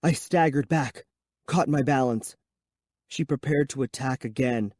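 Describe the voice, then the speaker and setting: A man narrating a children's horror audiobook in first person with a measured, suspenseful reading. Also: medium pitch, a little mellow, no room sound, clean studio sound.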